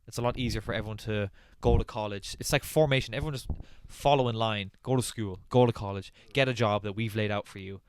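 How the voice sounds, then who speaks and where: A man's voice: on the low side, fairly even intonation, fast, few pauses, clear, resonant tone. A man with an Irish accent, a podcast guest talking bluntly and opinionatedly. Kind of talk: casual chat.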